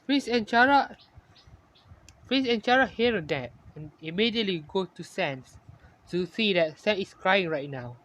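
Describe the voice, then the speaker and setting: A man narrating a fan-made story in halting, ungrammatical English, often correcting himself. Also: sits high, expressive, fairly bright tone.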